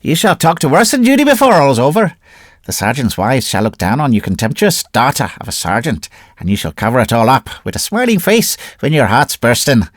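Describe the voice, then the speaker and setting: A man's voice: mid-range voice, huge pitch swings, brisk, no echo, clean studio sound. A man voicing a bitter old woman who lays curses and later wheedles. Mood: bitter cursing. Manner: prophetic, wailing, bitter. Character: old Irish woman, bitter soothsayer cursing.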